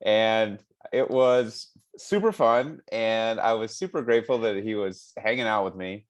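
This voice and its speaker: A man's voice: lowish voice, unhurried. A man hosting a medical podcast, chatting casually and reading a listener's email aloud with frequent laughs. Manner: chatty and amused, laughs often. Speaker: hand surgeon podcast host.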